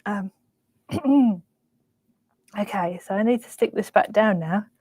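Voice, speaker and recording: A woman's voice: mid-range voice, slow, no echo, rough recording. A young woman hosting a craft live stream, chatting emotionally with lots of fillers. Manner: gushing, emotional, soft-spoken with many fillers. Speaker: craft show host. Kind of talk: casual live-stream chat.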